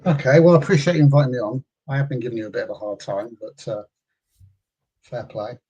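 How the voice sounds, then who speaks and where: Husky man arguing his point. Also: mid-range voice, lively intonation, fast talker, darkish tone, dull audio. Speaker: guest. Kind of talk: casual political debate.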